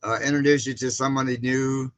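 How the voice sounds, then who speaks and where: A man's voice: mid-range voice, level tone, quick pace, a bit bright, low-quality recording. A man hosting a casual livestream, chatting with viewers, greeting them by name and reading their comments aloud in a rambling way. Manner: rambling with frequent fillers and restarts. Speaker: livestream host. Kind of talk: casual live-stream chat.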